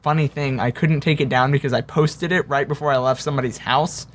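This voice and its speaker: A young man in casual chat, telling a story with lively acted-out quotes. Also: medium pitch, brisk, slight background noise. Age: young adult. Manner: animated storyteller, acts out quotes.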